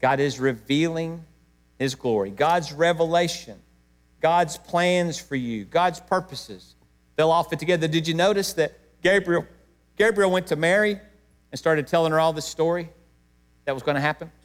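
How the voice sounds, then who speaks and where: A middle-aged man preaching a sermon to his church, emotional, swinging between loud emphatic peaks and hushed moments. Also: a little high, moderate pace. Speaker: pastor.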